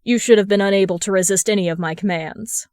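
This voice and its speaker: A woman's voice: medium pitch, quick pace, darkish tone, no echo, clean studio sound, lightly acted. A woman voicing an arrogant male wizard villain with a haughty, sneering manner.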